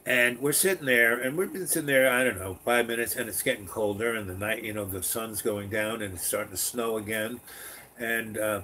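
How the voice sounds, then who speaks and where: A man's voice: fairly low pitch, brisk, pushed and bright, slight background noise. A man telling a long personal story in a meandering, chatty way, full of fillers and restarts. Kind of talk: rambling personal anecdote.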